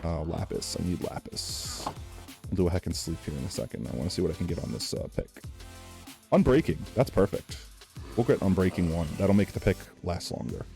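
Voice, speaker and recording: Low-voiced man with a slight Southern accent. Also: very animated, a little fast, gravelly, dark tone, soft background music. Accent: Southern US tinged. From New York. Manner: rambling, filler-heavy, chatty. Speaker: streamer. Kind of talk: casual chat while gaming.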